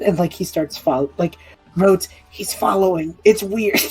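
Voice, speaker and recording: A woman's voice: sits low, moderate pace, warm tone, breathy edge, soft background music, low-quality recording. A woman narrating a tabletop game as game master, rambling with fillers and laughing often.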